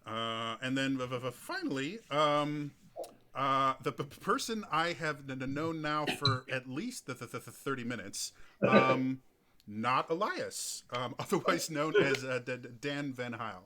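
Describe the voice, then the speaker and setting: A man's voice: mid-range voice, animated, unhurried, crowd noise. A man hosting a casual podcast, stuttering often on the first sounds of words. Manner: heavy stutter on word starts. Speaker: podcast host.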